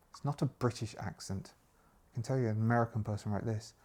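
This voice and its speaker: A man's voice: fairly low pitch, brisk, creaky, a little mellow. A man reading a solo horror adventure aloud and commenting on his own rolls and choices as he plays. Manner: reads the story, then thinks aloud with asides. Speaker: solo game player and narrator.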